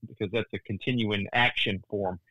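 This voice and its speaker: A man's voice: fairly low pitch, normal speed, no room sound, low-quality recording. Older man telling a story earnestly. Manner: animated, many restarts, voice rising in tense moments. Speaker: guest, Christian author.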